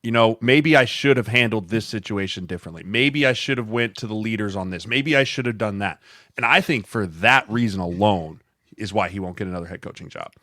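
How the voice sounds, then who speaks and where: An American man with a lowish voice making his case on a podcast, earnest and thoughtful, backing his points with remembered quotes. His voice sits dry and close to the mic. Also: a little fast, pushed and bright, no echo. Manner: earnest, explains with quoted examples. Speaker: podcast co-host, former NFL offensive lineman. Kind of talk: casual chat.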